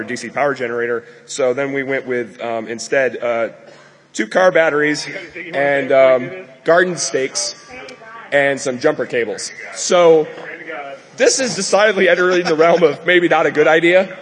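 A man's voice: mid-range voice, a little hiss or hum. Guy rambling through a conference talk, lots of ums, cracking jokes, long hall echo. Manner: rambling, filler-heavy, joking. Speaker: conference speaker. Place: lecture hall with an audience.

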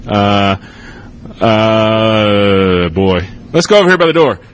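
Rambling middle-aged ex-cop at a conference. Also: male voice, lowish voice, big pitch swings, takes it slowly, slight background noise. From United States. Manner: casual, rambling, frequent "okay?" and "you know". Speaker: conference speaker, former police officer. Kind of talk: live talk with audience questions. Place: conference hall with audience.

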